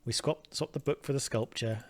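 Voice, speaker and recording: A man's voice: medium pitch, normal speed. A man, casually thinking aloud while playing a game. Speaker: let's play host.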